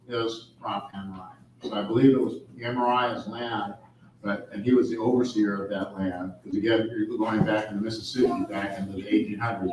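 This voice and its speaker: A man at a family reunion telling what he knows of his ancestors, halting and restarting as he thinks. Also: fairly low pitch, darkish tone, slight background noise. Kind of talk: casual storytelling. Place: large room at a family reunion. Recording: echoey hall from far off.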